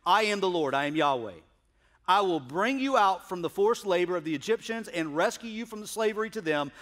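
A man preaching a sermon as pastor, emphatic, swinging from loud declarations to hushed asides. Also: sits high.

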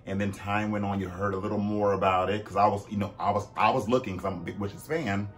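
A man hosting a vlog in casual, chatty commentary. He talks animatedly, with swooping pitch, sudden loud bursts and frequent fillers. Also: steady tone, quick pace, faint music behind. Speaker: vlog host.

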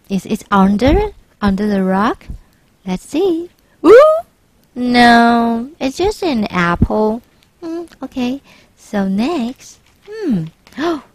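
A woman's voice: fairly high pitch, no echo. A young woman with a Taiwanese accent, an English teacher reading a picture book aloud to children with gasps and dramatic exclamations.

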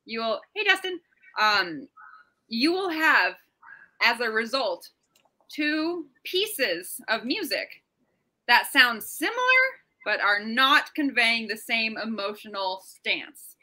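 A woman's voice: fairly high pitch, animated, takes it slowly, sharp tone, rough recording. A woman co-hosting a casual chat, loose and joking, swearing freely and tripping over her words. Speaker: podcast co-host.

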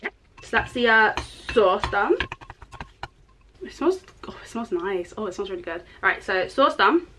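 Young girl vlogging, bright high-ish voice, bit of hiss behind her. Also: unhurried. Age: young adult. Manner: bubbly, excitable, giggly. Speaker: YouTuber. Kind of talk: casual vlog chat. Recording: faint background noise.

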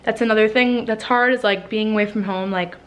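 A woman's voice: medium pitch, fairly even intonation, a little fast, fairly bright tone. A young woman from New Jersey chatting casually in a home vlog, a little out of breath, full of "like" fillers and swearing. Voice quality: frequent "like" fillers, swearing, emotional. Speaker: lifestyle vlogger. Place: home living room.

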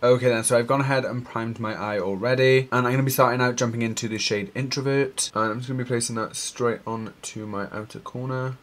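A man's voice: medium pitch, steady tone, fast, few pauses. A young Welsh man with a Welsh accent, casually talking through eyeshadow shades and a makeup tutorial, chatty and gushing with lots of fillers. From Wales. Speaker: makeup artist.

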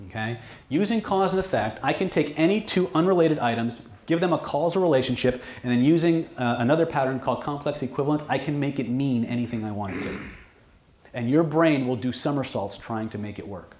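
A man's voice: mid-range voice, fairly quick, a little mellow. A man teaching a seminar on hypnosis and lie detection, blunt and joking, often asking "okay". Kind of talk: casual seminar lecture to a live group. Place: seminar room with audience. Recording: echoey room, faint noise.

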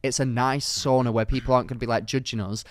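A young man, telling a long, winding story to his co-host. His voice sits at an ordinary pitch and sounds close and dry, with no room around it. He rambles, leans on "like", and gets animated as the tale builds. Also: fast talker, no echo. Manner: rambling, animated storyteller with frequent "like" fillers and laughs. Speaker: podcast co-host. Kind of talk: casual storytelling chat.

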